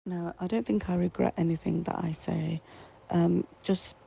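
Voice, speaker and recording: Gravelly, husky woman, defiant and dismissive. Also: lowish voice, steady tone, normal speed, warm tone, poor audio. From Britain. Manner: defiant, matter-of-fact, dismissive. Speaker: voice note sender. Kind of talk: voice-note reply.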